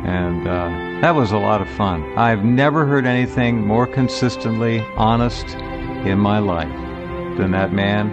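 A man hosting a talk radio show, speaking in a measured, earnest way. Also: fairly low pitch, over loud music. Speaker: radio host.

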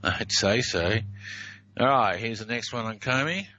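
Slow, wry Australian man. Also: on the low side, animated, pushed and bright, muffled recording. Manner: drawn-out, wry reading of phrases. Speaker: video host. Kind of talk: casual commentary over played clips.

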